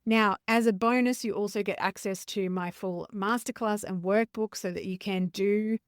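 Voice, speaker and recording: A woman's voice: medium pitch, no room sound. Earnest woman podcast host, dry close sound. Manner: earnest, conversational, self-correcting. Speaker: podcast host and business coach. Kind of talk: podcast monologue.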